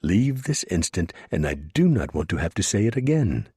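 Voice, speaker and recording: A stiff, prissy company boss, as a male narrator plays him, spitting out formal indignant commands. The voice climbs higher and louder than the narration but keeps a husky, rough grain, dry and close. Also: big pitch swings, moderate pace, dry recording, exaggerated voice.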